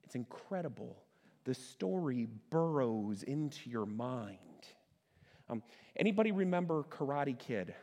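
A middle-aged man preaching a sermon in a conversational way, asking his listeners questions and slowing down to stress key words. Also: medium pitch, big pitch swings, mellow. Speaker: pastor. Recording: long hall reverb.

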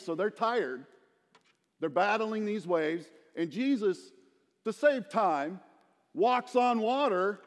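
High-voiced male pastor in a reverberant hall. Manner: animated storytelling, asks the congregation questions. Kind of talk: sermon.

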